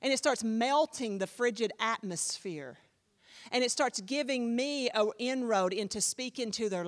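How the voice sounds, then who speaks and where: Woman pastor preaching, high voice, swoops all over the place, acts out the people in her stories. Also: big-room sound. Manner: animated storytelling, acting out quoted voices. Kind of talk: sermon.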